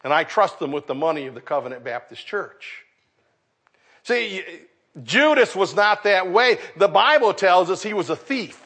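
A middle-aged male pastor preaching a sermon, building emphasis and letting line endings fall soft. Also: sits high, lively intonation, normal speed.

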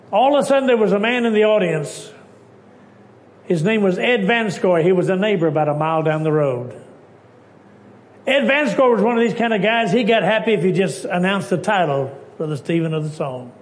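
A high-pitched male preacher from Texas tells stories in an emphatic sermon, swinging between hushed lines and loud ones.

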